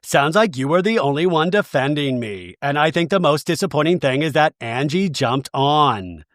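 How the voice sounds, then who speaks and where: A man quoting an upset, defensive reality-show woman in his own voice, a little lower and hurt-sounding. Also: animated, normal speed, no echo, clean studio sound, close to an everyday voice.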